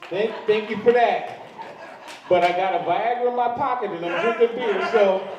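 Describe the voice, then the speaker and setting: An older man does a crude stand-up set in a live club, telling stories and acting out the voices of the people in them, with audience laughter around him. His voice sits high at normal speed, and the recording is distant, very echoey, dull, and lo-fi with background noise.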